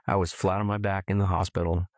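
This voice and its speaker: A middle-aged man from California telling a personal story earnestly, haltingly, often repeating words as he remembers. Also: sits low, flat delivery, no room sound. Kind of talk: personal testimony.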